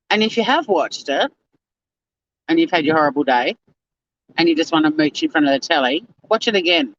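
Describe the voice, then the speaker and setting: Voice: mid-range voice, fairly bright tone, a little hiss or hum. A livestream host, chatting casually with viewers and reading chat, swearing freely and laughing often. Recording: dull lo-fi dry sound.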